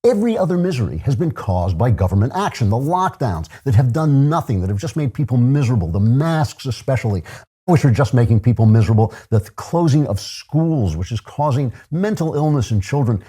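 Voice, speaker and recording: A man's voice: mid-range voice, big pitch swings, a little fast, warm tone, breathy edge. An older man hosting a political commentary show, delivering a sardonic, opinionated monologue with chuckling asides.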